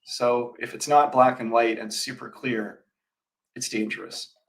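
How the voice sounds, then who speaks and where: Male real estate co-host, mid-pitched, conversational and rambling. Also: fairly even intonation, a little slow, creaky, fairly bright tone, low-quality recording. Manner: conversational, rambling with fillers and restarts. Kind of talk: casual chat.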